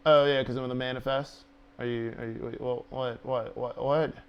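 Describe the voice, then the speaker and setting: A man's voice: medium pitch, flat delivery, normal speed, clear, resonant tone, dull audio. A man talking to himself while coding on a stream, laughing, swearing and cooing to his dog. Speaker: programmer streaming a coding speedrun. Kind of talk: casual self-talk while coding.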